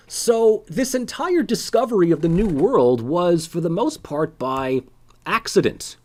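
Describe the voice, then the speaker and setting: Animated, lively-voiced male lecturer. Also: on the high side, moderate pace. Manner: animated, conversational, sarcastic asides. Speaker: political science lecturer. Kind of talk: casual recorded lecture.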